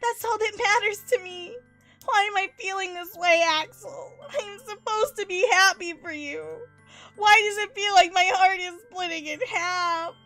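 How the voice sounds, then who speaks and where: A woman voicing a cheerful teenage girl who hides deep sadness, reading a visual novel's lines aloud. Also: normal speed, fairly bright tone, faint music behind. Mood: sad. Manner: read aloud casually from game text.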